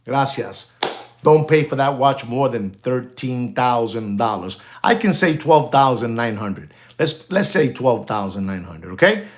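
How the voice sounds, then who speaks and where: A middle-aged man hosting a live stream as a watch dealer. He talks straight to his viewers in an excitable, chatty way and drops in Spanish words. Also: mid-range voice, unhurried. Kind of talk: casual livestream chat with viewers.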